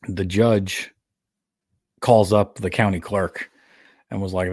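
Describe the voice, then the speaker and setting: A man co-hosting a casual movie review podcast, retelling scenes with animated, laughing energy. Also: low voice, unhurried, long pauses, no echo, clean studio sound. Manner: animated storyteller, laughs at his own retellings. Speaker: podcast co-host. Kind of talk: casual film review chat.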